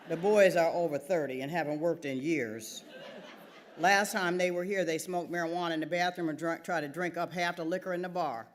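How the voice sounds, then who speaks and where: A woman's voice: lowish voice, a little fast, a little hiss or hum. A woman author reading her own first-person novel aloud at a theater event, wry and conversational.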